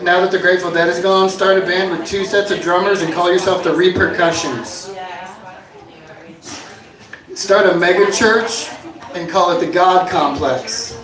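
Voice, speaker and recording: Male comedian, high voice, deadpan one-liners, shouted bits, echoey bar room, far from the mic. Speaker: stand-up comedian. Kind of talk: stand-up comedy set. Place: inn bar with live audience.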